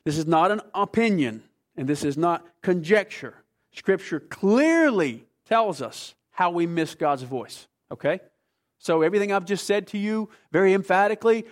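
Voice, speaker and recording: A man's voice: high voice, animated, measured pace. Emphatic man preaching a sermon. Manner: emphatic, varies between hushed and forceful delivery. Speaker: pastor.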